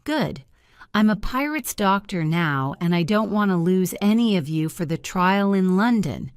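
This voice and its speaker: A woman reading the lines of a stern but caring male ship's doctor in a storybook, firm and measured. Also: mid-range voice, expressive, clear, resonant tone, no room sound, studio quality.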